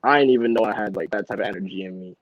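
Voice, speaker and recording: A man's voice: on the low side, racing, dry recording, dull audio. A man talking as a rapper guest on a casual podcast, laid-back and slangy, laughing often. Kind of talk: casual chat.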